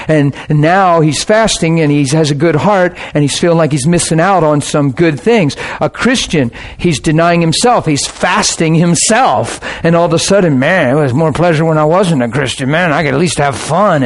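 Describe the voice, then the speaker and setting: A middle-aged man, a pastor, preaching a sermon in a passionate, conversational way. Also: a little high.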